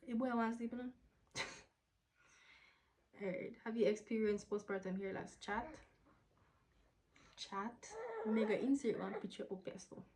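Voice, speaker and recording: A young woman, answering viewer questions in a candid, casual vlog, sometimes dropping into a soft whisper. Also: mid-range voice, fairly even intonation, a little slow, long pauses, a little hiss or hum, poor audio. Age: young adult. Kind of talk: casual Q&A to camera.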